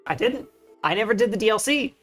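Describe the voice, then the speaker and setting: A woman streaming games, chatting casually and excitedly with her viewers, rambling and restarting her sentences. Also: fairly high pitch, quick pace, faint music behind. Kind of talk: casual gaming stream chat.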